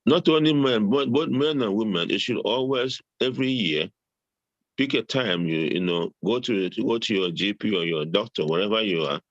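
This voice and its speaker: Older man with low, dull-sounding voice. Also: moderate pace, no echo. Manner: repeats words often, chuckling and jovial. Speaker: guest recommending supplements. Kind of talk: casual interview talk.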